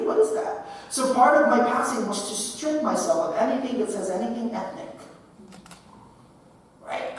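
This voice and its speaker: A man in his thirties from the Philippines giving a keynote speech, telling stories in an animated way and often asking "right?". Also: high voice. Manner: animated storytelling with frequent "right?". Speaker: keynote speaker. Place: large lecture hall. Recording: echoey hall from far off.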